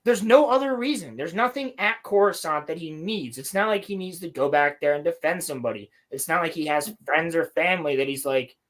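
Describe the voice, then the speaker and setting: A man co-hosting a podcast, recapping a show in casual chat, animated and swearing often. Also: on the high side, a little fast, hardly any pauses. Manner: animated, swears a lot, mimics characters. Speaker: podcast co-host.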